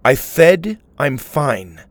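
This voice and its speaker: A man's voice: a little high, sing-song, drawn-out words, no room sound, exaggerated voice. A man reading a story voices a sulky, defensive teenage boy in pain.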